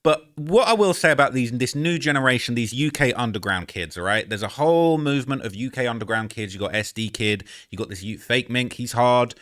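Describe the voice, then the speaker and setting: A man's voice: mid-range voice, expressive, a little fast, few pauses, a bit bright. A man in his late twenties hosting a reaction video, talking slangy and chatty and checking in with the listener. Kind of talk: casual commentary.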